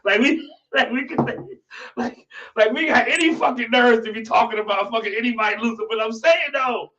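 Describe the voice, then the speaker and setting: A man hosting a casual livestream chat, slangy and profane, swinging from mumbles to shouts. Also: extremely high pitch, fairly even intonation, a little fast, recorded from a distance, muffled recording. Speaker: livestream host.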